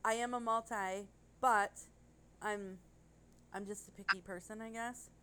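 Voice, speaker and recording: A woman's voice: mid-range voice, steady tone, unhurried, fairly bright tone, clean tone. A woman co-hosting a casual podcast chat, rambling and gushing, with casual swearing. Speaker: podcast co-host.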